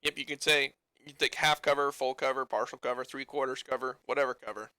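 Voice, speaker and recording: A man's voice: medium pitch, fairly even intonation, fairly quick, sharp tone, smooth, no echo, clean studio sound. A man from Canada running a tabletop game, talking casually with swearing and rambling rulings. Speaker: game master.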